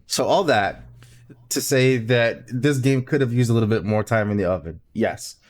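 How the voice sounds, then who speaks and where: A man's voice: medium pitch, moderate pace, a little mellow. A man co-hosting a podcast in casual chat, mostly chiming in with short agreeing interjections.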